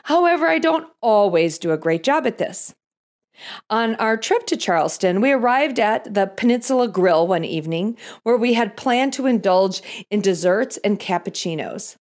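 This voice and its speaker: A woman's voice: mid-range voice, lively intonation, moderate pace, a little mellow. A middle-aged woman hosting a podcast, telling a personal story with dry, self-deprecating humor before moving into Bible teaching. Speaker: podcast host.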